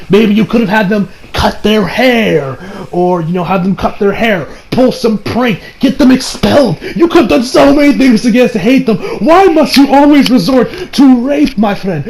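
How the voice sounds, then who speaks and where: Young male reviewer with a high voice, ranting casually, swears freely and hams up his own reactions. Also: a little mellow, poor audio. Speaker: anime reviewer. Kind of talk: casual video review rant.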